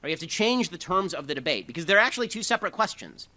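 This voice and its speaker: A man giving a combative political speech, rapid-fire and sarcastic, in his thirties. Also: high voice, sing-song, sharp tone. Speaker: public speaker.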